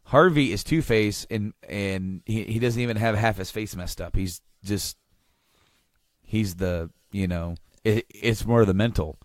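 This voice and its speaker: A male podcast host talks in a low voice, rambling and enthusiastic with frequent restarts. It is easy casual chat. The sound is dry and close to the mic. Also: a little slow, dry recording.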